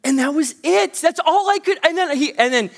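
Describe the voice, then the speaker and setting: A man's voice: extremely high pitch, animated, a little fast, creaky, a bit bright. A man from Minnesota, a pastor giving a conversational sermon full of fillers and restarts. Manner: chatty storytelling with many fillers and restarts.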